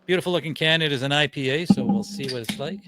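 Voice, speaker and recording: A man with a slightly high voice talks quickly over background music while hosting a comedy podcast. He chats casually, laughs a lot, and closes out segments on an upbeat note.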